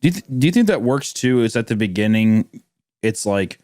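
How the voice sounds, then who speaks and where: A young man co-hosting a podcast, giving his opinions in a relaxed, hedging way. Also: fairly low pitch, brisk, no echo, studio quality. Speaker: podcast co-host. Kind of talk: casual discussion.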